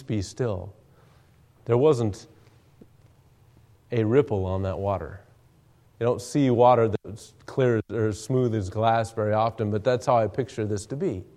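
At an evening church service, a man preaches in a mid-range, slightly mellow voice. He reads from the King James Bible and then earnestly explains the passage.

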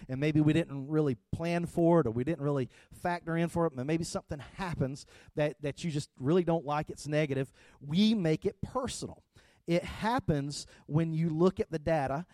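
A middle-aged pastor with a fairly high voice preaches in a chatty, storytelling way, often checking in with his listeners. The sound is close and dry, with no room echo. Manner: conversational, storytelling, rising to loud animated retelling. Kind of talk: sermon.

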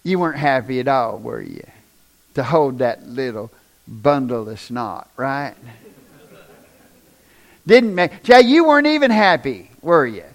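A man's voice: mid-range voice, a little slow, pauses often. A middle-aged man preaching a sermon in a church, folksy and joking, speaking straight to his congregation. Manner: animated, folksy and joking, addresses congregation directly. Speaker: pastor.

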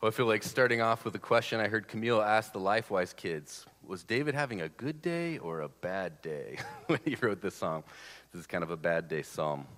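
A man's voice: on the low side, expressive, a bit bright, big-room sound. A man in his thirties preaching a sermon in a casual, conversational way, often stopping and restarting his sentences. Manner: conversational, halting, with many restarts. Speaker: pastor.

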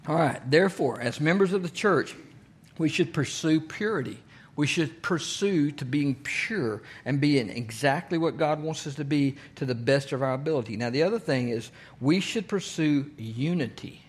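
A man's voice: fairly high pitch, moderate pace. A man, a pastor teaching a sermon in a conversational way and often asking the congregation questions.

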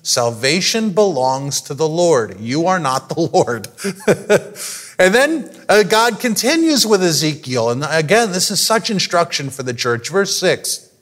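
A man preaching a sermon in a high, lively voice that swoops up and down. He speaks at an unhurried pace, throws rhetorical questions at the congregation and breaks into laughter often. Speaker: pastor.

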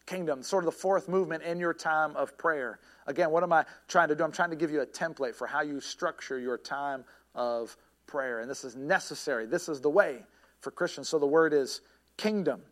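Earnest and searching, the pastor often stops, starts phrases over and fills silences with small filler sounds. His somewhat high male voice can climb to a shout as he tells a story.

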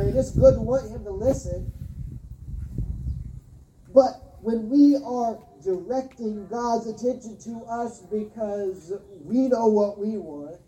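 A woman pastor giving a sermon, earnest and emphatic, often repeating words and pausing. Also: medium pitch, warm tone, far from the mic. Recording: roomy sound from off-mic.

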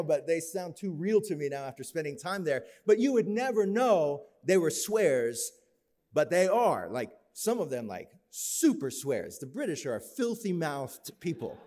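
A man's voice: fairly high pitch, a little mellow. A middle-aged man telling a story in a sermon, acting out the voices in his story. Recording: long hall reverb.

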